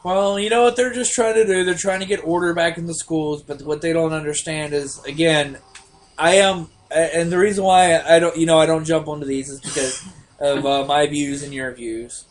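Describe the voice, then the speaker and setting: Young man, casual podcast chat, slightly high voice, profane, animated storytelling. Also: normal speed. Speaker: podcast co-host.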